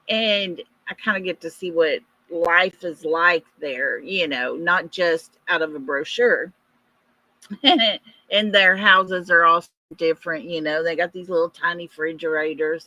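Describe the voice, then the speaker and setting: Slow-talking woman hosting a live stream. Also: mid-range voice, bright, forceful tone, no room sound. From East Texas. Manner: chatty, greets viewers by name. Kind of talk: casual live stream chat.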